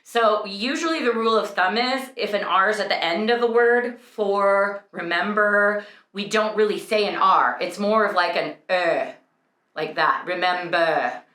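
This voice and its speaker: A young woman vocal coach teaching a singing lesson, explaining clearly and breaking into sung vowel demonstrations. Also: medium pitch, normal speed, fairly bright tone, roomy sound.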